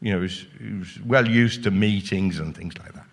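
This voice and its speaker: A man's voice: deep voice, brisk. Guy telling a story on stage, swears a bit, good timing, live show feel. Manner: animated, swearing, comic timing. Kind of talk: anecdote told on stage. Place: live venue with audience.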